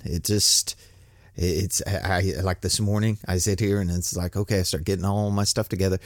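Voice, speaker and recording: A man's voice: on the low side, no echo, clean studio sound. An older man hosting a podcast, talking in a rambling, folksy way and chuckling often. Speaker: podcast host. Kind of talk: casual solo podcast monologue.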